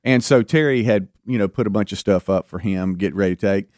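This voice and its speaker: A middle-aged man co-hosting a radio show in casual chat. He tells stories lively and acts out the quotes. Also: fairly low pitch, fairly quick, dry recording, clean studio sound. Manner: animated storyteller who acts out quotes. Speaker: radio co-host. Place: radio studio.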